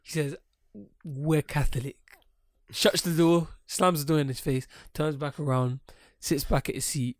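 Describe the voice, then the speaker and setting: Slightly high-voiced man telling a rambling story. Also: moderate pace, few pauses, no room sound, clean studio sound. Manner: rambling, animated, swears freely. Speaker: podcast co-host. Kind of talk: casual storytelling chat.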